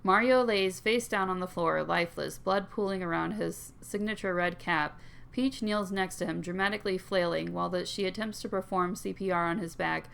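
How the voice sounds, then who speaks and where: A woman reads a visual novel aloud, narrating the scenes and tossing in playful, giggly asides. Her voice sits a little low, with a gravelly fry running through it. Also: moderate pace, fairly bright tone. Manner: playful, giggly, does voices half-heartedly. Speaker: video game streamer reading a visual novel aloud. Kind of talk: reading game dialogue and narration aloud with commentary.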